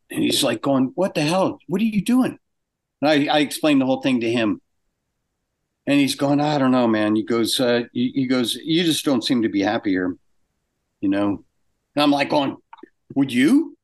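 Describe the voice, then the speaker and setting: An older man telling anecdotes in a casual interview, acting out quoted exchanges with animated shifts in pitch. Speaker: guest animator.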